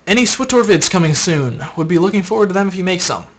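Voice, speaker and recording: A man's voice: high-pitched, expressive, fast, husky. Tired young man rambling on a stream. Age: young adult. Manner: rambling, casual, answers viewer questions aloud. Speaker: live streamer answering chat. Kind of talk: late-night live stream chat.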